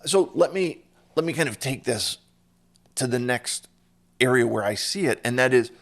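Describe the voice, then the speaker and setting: A man's voice: mid-range voice, normal speed. A man hosting a podcast conversation, telling stories from his own life and acting out other people's lines. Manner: tells stories with lively quoted voices. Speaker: podcast host. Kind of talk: casual conversation.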